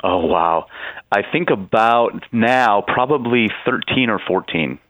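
A man being interviewed as a guest author, speaking haltingly with restarts, heard over a phone line. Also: fairly low pitch, expressive, no echo.

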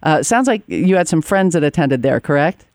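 Smooth-voiced earnest woman host. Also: deep voice, big pitch swings, moderate pace, darkish tone, no echo, clean studio sound. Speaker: radio show host. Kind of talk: hosting an interview show.

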